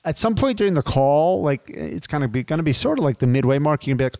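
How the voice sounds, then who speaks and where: A man in his thirties teaching business as a podcast guest, animated and casual, addressing listeners as dude and my friends. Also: fairly high pitch, fast, hardly any pauses, no room sound. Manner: acts out sales calls in quoted voices.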